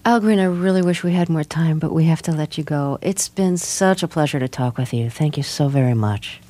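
A woman hosting a radio interview, asking gentle, probing questions and reading a closing announcement. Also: sits low, brisk.

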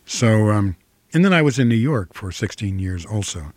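Older Midwestern man, low, halting. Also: expressive, darkish tone, no room sound. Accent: flat Midwestern American. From Ohio, US Midwest. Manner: hesitant, many fillers and restarts. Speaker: actor, interview guest. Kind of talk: reflective interview answers.

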